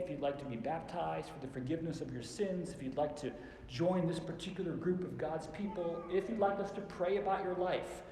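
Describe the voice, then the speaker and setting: A man preaches from the front of a church in a slightly high but mellow voice, slowing and softening for emphasis. His words ring out with a long reverb through the hall, over a faint room hum. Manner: slows down and drops soft for emphasis. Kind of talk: sermon. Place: church sanctuary.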